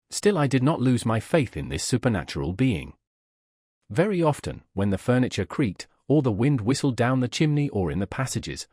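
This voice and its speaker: Male audiobook narrator, husky timbre, animated pitch, close dry recording. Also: dry recording. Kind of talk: scripted narration of a classic tale.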